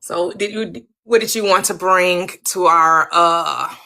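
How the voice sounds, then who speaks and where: A woman hosting a casual group reading discussion on a video call, greeting people warmly with quick repeated words. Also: on the low side, gravelly. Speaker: host of a group reading session.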